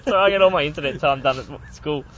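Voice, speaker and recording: A man's voice: a little high, fast talker, fairly bright tone. A young man in his twenties co-hosting a casual podcast chat, joking, laughing often and telling anecdotes. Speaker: podcast co-host. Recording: dull lo-fi recording.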